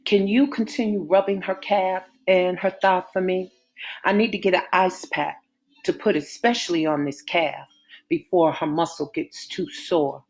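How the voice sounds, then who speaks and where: A gentle, professional male therapist who reassures his patient in a low, even voice, read by a woman. He comforts her without any hurry. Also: a little slow. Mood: reassuring. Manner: calm, reassuring.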